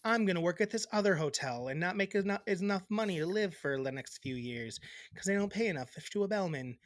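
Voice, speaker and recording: A man co-hosting a casual podcast, teasing his co-host and swearing freely, sometimes dropping to a low murmur. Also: animated, brisk, no echo, studio quality. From Chicago. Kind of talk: casual chat.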